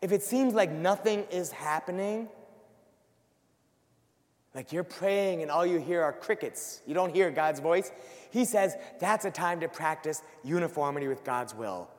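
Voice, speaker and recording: A man giving a lively church talk to a live audience, acting out worried voices. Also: a little high, measured pace. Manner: animated, acts out worried voices. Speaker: Catholic speaker. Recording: long hall reverb.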